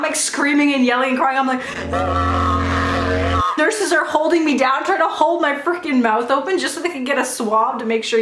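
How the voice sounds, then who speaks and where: Chatty young woman telling a story. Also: high-pitched. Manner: animated, chatty, acts out quoted voices. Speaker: vlogger. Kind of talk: casual storytime monologue. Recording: echoey room with faint background music.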